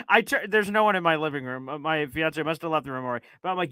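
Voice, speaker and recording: A man hosting a casual sports talk show, telling stories in an animated way and acting out his own reactions. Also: on the high side, fast, hardly any pauses, clear, resonant tone, no room sound. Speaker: podcast host.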